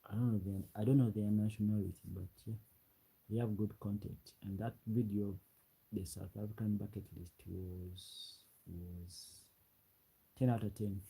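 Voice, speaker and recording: A man's voice: on the low side, creaky, warm tone, slightly rough, low-quality recording. A man from Uganda with a Ugandan English accent, chatting casually on a late-night live stream and reading out viewer comments. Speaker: livestreamer. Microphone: ring light setup, webcam.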